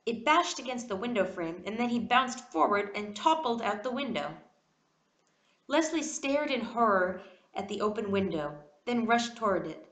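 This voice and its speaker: Animated woman reading a storybook. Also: on the high side, moderate pace, echoey room. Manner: expressive, animated. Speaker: reader. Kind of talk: storybook read-aloud.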